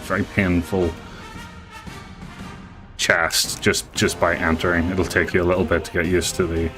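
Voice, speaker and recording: A man narrating as game master of a live tabletop game, halting and full of fillers. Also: low-pitched, level tone, over music. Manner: halting, with many fillers and restarts.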